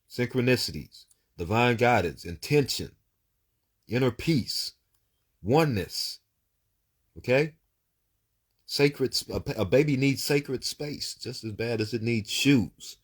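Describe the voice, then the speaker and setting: A man's voice: medium pitch, lively intonation, measured pace, pauses often, breathy edge. A man giving casual live psychic readings to viewers. He talks in an emphatic, preachy way, swears freely, and repeats words and lists in bursts.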